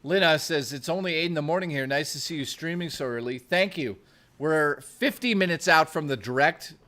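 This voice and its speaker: A male livestream host speaks at a moderate pace with a slightly high, bright, forceful voice. He casually reads viewers' messages aloud and jokes around with heavy swearing.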